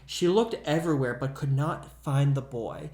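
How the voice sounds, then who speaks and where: A man co-hosting a podcast, telling a ghost story in an animated, casual way and acting out voices. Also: medium pitch, moderate pace, echoey room. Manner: animated, acts out voices in quotes. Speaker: podcast co-host.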